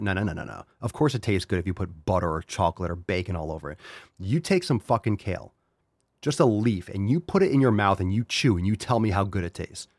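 Deep-voiced man ranting profanely. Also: animated, fairly quick, no echo, studio quality. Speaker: podcast host. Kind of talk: ranting comedic podcast talk.

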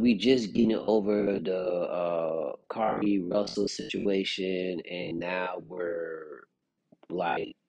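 A man's voice: sits low, a little mellow, breathy edge, no room sound. A man hosting a podcast, talking casually in a rambling commentary with lots of fillers and restarts. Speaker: podcast host.

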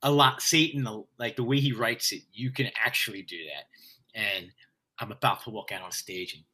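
Bright-voiced man telling a lively story. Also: on the low side, normal speed, slightly rough. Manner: profane, laughing, energetic storyteller. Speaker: stage actor, guest. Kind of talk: casual storytelling in a conversation.

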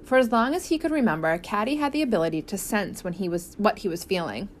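A woman narrating a children's novel as an audiobook in a lively, expressive reading. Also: mid-range voice, quick pace, a little hiss or hum. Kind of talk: scripted narration.

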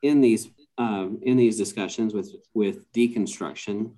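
Low, warm, male, hesitant, filler-heavy, casual podcast talk. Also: steady tone, a little slow. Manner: hesitant, many fillers and restarts.

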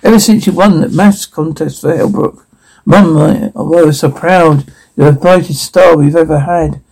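A man voices a lonely young man who has made a school cellar his home. His tone sits a touch high and mellow, and he talks in soft, rambling bursts of unsettling devotion. Like a horror game figure, he sounds sincere and off at once. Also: steady tone, moderate pace, gravelly, slightly rough, poor audio. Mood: creepy devotion.

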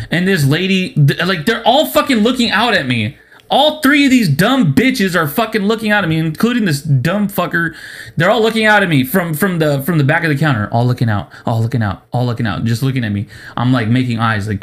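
Profane, ranting young man telling a story. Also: a little high. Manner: profane, exasperated ranting with acted-out quotes. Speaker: podcast co-host. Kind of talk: casual storytelling chat.

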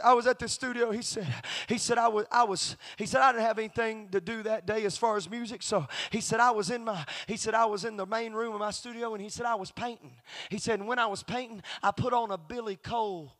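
High, bright-voiced preacher man. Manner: storytelling that builds to shouted preaching. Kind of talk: Pentecostal youth convention sermon.

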